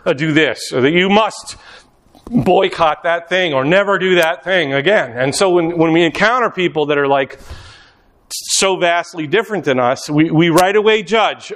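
Man, high voice, animated sermon, storytelling, shouts at times. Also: moderate pace. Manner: animated storytelling, acts out scenes, rising to shouts. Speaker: pastor.

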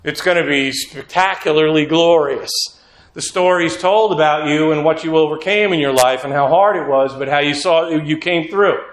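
A man's voice: on the high side, normal speed. Earnest male preacher in an echoey hall. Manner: earnest, conversational, acts out quotes. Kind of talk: sermon. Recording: echoey room.

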